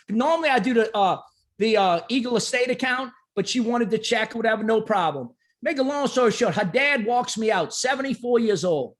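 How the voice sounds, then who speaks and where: A man, an insurance agent telling an emotional client story in an emphatic, animated way that keeps checking in with "right?". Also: high voice, normal speed.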